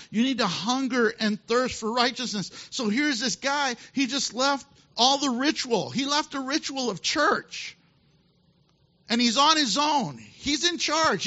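Guy pastor preaching, lively storytelling, high bright voice, kinda dull lo-fi recording. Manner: animated storytelling with laughs and quick asides. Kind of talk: sermon. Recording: dull lo-fi sound.

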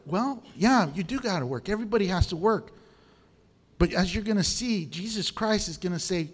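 A middle-aged male pastor with a high-pitched voice, preaching with energy and humor. He slips into quoted voices and playful asides as he teaches. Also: animated, moderate pace. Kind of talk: sermon.

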